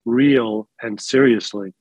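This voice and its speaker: A man answers interview questions over a video call. His middle-pitched voice is dry and close, with no room sound. He talks thoughtfully, trails off and restarts his sentences. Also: takes it slowly, a little mellow, dry recording, highs cut off. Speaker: actor.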